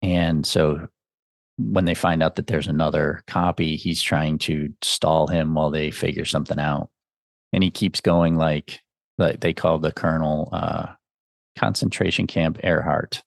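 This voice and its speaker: Deep, gravelly man reviewing films. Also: little pitch movement, a little slow, no echo, clean studio sound. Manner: musing, conversational, thinks aloud. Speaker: podcast host. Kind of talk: casual film review.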